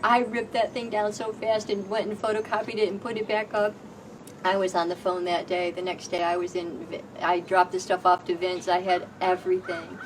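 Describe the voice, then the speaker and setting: Expressive woman storyteller, recorded from afar. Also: lowish voice, moderate pace. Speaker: housing program homeowner. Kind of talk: personal storytelling. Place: outdoors on a porch. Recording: distant mic with background noise.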